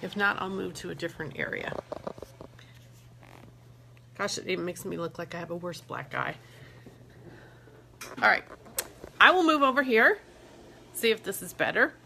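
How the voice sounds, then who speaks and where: A woman vlogs from a hotel room, her phone held close as she chats and tells a story. Her voice is bright and a little tense, with a gravelly edge at the ends of her phrases. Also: mid-range voice, a little hiss or hum. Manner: chatty, animated when telling the story. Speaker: vlogger. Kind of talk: casual storytelling to camera.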